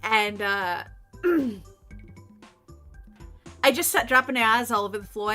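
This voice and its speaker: Chatty woman streamer with a bright voice. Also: medium pitch, slow, long pauses. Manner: rambling, chatty, swears freely. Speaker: gaming streamer. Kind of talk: casual chat while playing. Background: faint game music.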